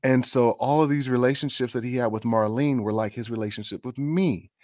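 A man's voice: medium pitch, a little fast, no echo, clean studio sound. A middle-aged man, a voice actor, telling stories in a casual interview and acting out the voices of the people he quotes. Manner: animated storyteller, acts out quoted voices. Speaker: voice actor guest.

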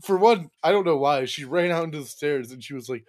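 A man chatting casually on his podcast about a film he just watched. He laughs a lot and acts out lines from scenes, and his pitch moves a lot. The sound is close and dry. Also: lively intonation, a little fast, darkish tone, no echo. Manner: laughs often, retells scenes in put-on quotes. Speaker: podcast host. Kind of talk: casual movie review chat.

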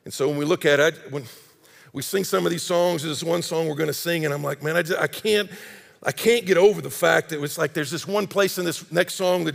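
Gravelly high-voiced preacher in a reverberant sanctuary. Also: male voice, brisk. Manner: impassioned, swings from loud emphasis to hushed intensity. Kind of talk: sermon. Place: large church sanctuary. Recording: long hall reverb.

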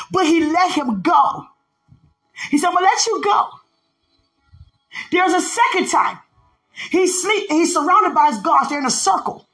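Animated high-voiced woman preaching a Bible story. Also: low-quality recording. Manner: animated storytelling, acting out the characters' lines. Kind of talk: devotional podcast sermon retelling a Bible story.

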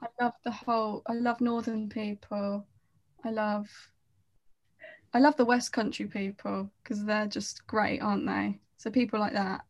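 A woman's voice: mid-range voice, little pitch movement, a little slow. A woman chatting as a podcast guest, rambling and self-deprecating, trailing off mid-sentence. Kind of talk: casual chat.

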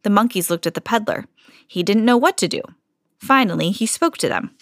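Woman narrator, children's picture book read-aloud, expressive, slows down on refrains. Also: medium pitch. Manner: expressive, lingers on repeated phrases. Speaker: storybook reader, podcast host.

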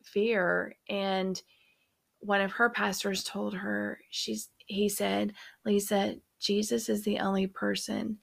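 A woman's voice: mid-range voice, flat delivery, slow pace, vocal fry. A middle-aged mother talking casually about faith and love as a podcast guest, earnest and affirming. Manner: earnest, affirming with frequent mm-hmms.

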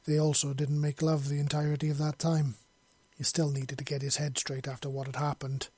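Husky man reading a story aloud. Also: fairly high pitch, flat delivery, fairly quick, darkish tone, no room sound. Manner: unpolished reading with slips and restarts. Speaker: story reader. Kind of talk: reading his own fiction aloud.

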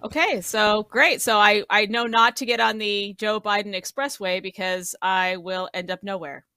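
A woman's voice: medium pitch, fairly even intonation, normal speed, bright, forceful tone, clear, resonant tone, no echo. A woman on a podcast panel, speaking in a blunt, sarcastic way. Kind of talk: casual chat.

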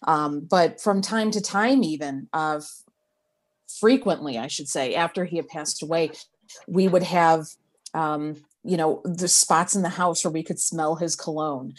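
Interviewee, woman, lowish voice, chatty and halting storyteller. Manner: chatty, hesitant storyteller with frequent restarts. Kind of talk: casual oral history interview.

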